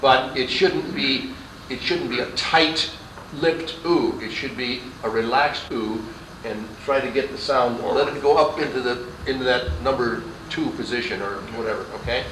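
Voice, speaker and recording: Male vocal coach, mid-pitched, patient and hesitant, recorded from afar in an echoey room with faint hiss. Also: normal speed, fairly bright tone, distant mic. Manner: patient, hesitant, demonstrates sounds. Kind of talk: quartet workshop instruction.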